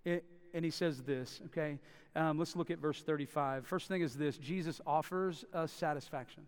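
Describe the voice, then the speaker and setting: A man's voice: fairly high pitch, moderate pace, clear, resonant tone. A man preaching a sermon, emphatic and repeating phrases for stress. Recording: long reverb of a large hall.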